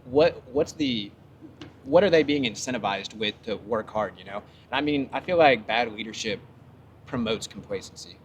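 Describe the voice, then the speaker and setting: A young man, an army veteran, chatting casually on a podcast and quickly agreeing with his co-host. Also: fairly low pitch, animated, slight background noise. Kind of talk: casual conversation.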